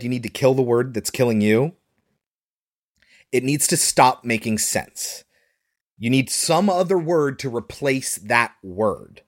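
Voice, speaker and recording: A man co-hosting a film podcast in casual chat, retelling scenes sarcastically and swearing freely. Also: medium pitch. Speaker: podcast co-host reviewing a film.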